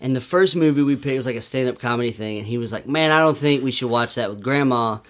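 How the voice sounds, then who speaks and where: A man's voice: mid-range voice, fast talker, a bit bright. A man telling a funny story in casual podcast chat, chuckling through it. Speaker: podcast guest, percussionist.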